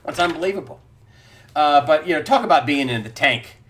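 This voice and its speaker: Animated, incredulous male news commentator. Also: on the high side, a little fast, a little hiss or hum. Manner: incredulous, sarcastic, laughing scornfully.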